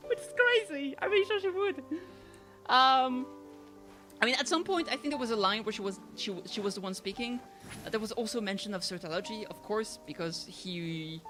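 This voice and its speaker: A woman with a light French accent chats casually with her stream viewers. Her voice is bright and clear. She rambles, restarts sentences and fills the gaps with ums. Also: medium pitch. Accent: slight French. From France. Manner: chatty, rambling, many fillers and restarts.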